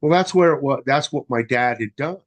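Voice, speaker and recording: A man's voice: medium pitch, brisk. Man, rambling, agreeable, lots of fillers, casual talk. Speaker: podcast co-host. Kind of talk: casual political chat.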